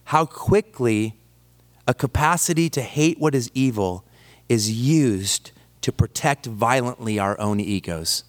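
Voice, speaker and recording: A man's voice: mid-range voice, a little slow. A man preaching a sermon, telling stories with self-deprecating humor. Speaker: pastor.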